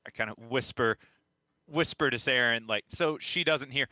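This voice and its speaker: A man's voice: mid-range voice, normal speed, sharp tone, no room sound, dull audio. A young man playing a tabletop game, playful, laughing, sometimes talking in character. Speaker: player. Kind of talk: casual tabletop play.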